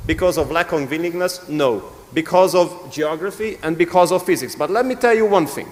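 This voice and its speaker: A man, answering on a conference panel in a firm, rhetorical, deliberate way. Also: fairly high pitch. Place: conference hall. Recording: long reverb in a conference hall.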